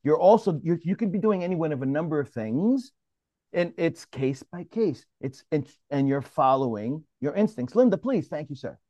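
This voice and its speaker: A man from New York leading a mediators' roundtable in an animated, casual way, often restarting his sentences and calling on others by name. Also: fairly high pitch, normal speed, dry recording. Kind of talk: casual discussion, moderating.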